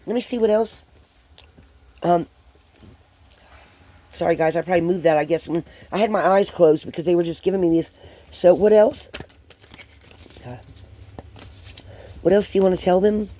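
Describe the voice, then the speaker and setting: A woman giving a channeled spiritual card reading to viewers, hesitant and rambling with many pauses and restarts. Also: fairly low pitch, mellow.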